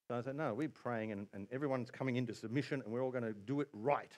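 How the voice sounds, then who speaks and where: A man preaching a sermon as pastor, telling a story with quoted asides and bursts of excitement. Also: mid-range voice, a little fast, hardly any pauses.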